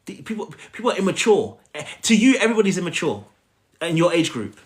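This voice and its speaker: A man coaching viewers on a live stream in a preachy, animated way, often checking in with "right?". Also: high voice, moderate pace, pauses often. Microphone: phone.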